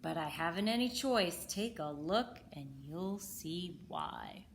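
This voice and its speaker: A glum, mopey male fish, put on by a woman reading a picture book aloud. He sounds resigned and sulky, in a low, drawn-out voice with soft faint noise behind. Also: animated, gravelly, heavily acted.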